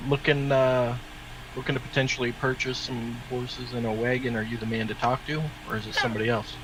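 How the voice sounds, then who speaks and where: Mid-pitched male player, noisy recording. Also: flat delivery, brisk. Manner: practical, organizing, polite. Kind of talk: casual tabletop play.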